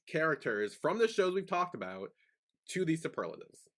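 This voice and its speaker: A young man co-hosting a casual podcast, rambling and animated with lots of fillers and restarts. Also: on the high side, normal speed. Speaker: podcast co-host. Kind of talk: casual chat.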